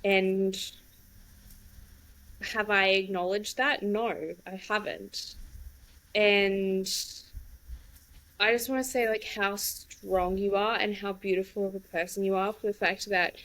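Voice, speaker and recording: A woman's voice: mid-range voice, fairly even intonation, slow, long pauses, a bit bright, rough recording. A woman co-hosting a podcast, talking in an earnest, frank way with casual swearing while tearful. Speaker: podcast co-host. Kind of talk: supportive casual chat.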